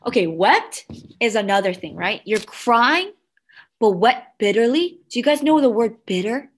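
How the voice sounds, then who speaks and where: Woman children's pastor, slow deliberate delivery, animated and engaging. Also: on the high side, husky. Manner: animated, engages kids with questions. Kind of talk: children's sermon.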